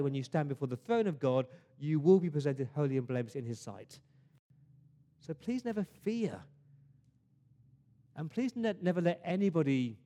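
A man's voice: on the high side, warm tone. A man preaching a sermon to his congregation, earnest, often restarting words and asking rhetorical questions. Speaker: pastor. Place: church service.

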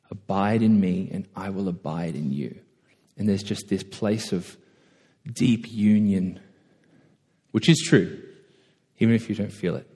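A man preaching a conversational sermon, self-deprecating and animated when telling stories. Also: on the low side. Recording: echoey hall.

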